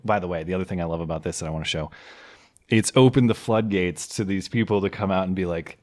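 A man's voice: deep voice, fast, a little mellow. Sarcastic man hosting a podcast. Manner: sarcastic, mocking; rambling with restarts. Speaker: podcast host. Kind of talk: casual political chat.

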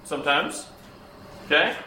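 A man's voice: unhurried, sharp tone, reverberant, a little hiss or hum, poor audio. A man teaching a Bible lesson to a class of children, often asking them questions and repeating their answers.

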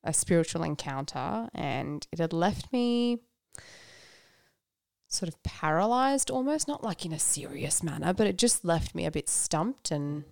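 Low, gravelly woman sharing her faith. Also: lively intonation, unhurried, a little mellow, no echo, clean studio sound. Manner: candid and reflective, with frequent laughs and fillers. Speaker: guest. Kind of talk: casual conversation about faith.

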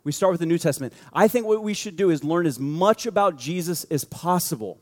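A man with a high voice preaches a conversational sermon and slips into the voices of the people in his stories. His words ring out with a long reverb, as in a large hall. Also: animated, fairly quick, a little mellow. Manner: conversational, acts out quoted voices. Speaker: pastor.

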